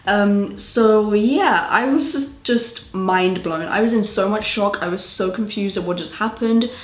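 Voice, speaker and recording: A young woman with a British accent telling a storytime vlog in an animated, exasperated way. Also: mid-range voice, a little slow, reverberant. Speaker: vlogger.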